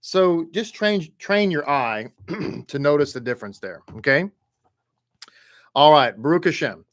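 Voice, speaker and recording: Male Hebrew tutor, mid pitch, unhurried, drills syllables, keeps checking in with the class. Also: animated. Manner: patient, repeats sounds slowly for learners; halting restarts, frequent "okay?" check-ins. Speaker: Hebrew reading teacher. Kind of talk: online class instruction.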